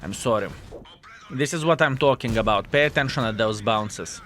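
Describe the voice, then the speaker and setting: A man's voice: mid-range voice, normal speed, a little hiss or hum. Upbeat man commentating his gameplay. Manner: animated, addresses viewers as fellas, self-mocking asides. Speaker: video game player and channel host.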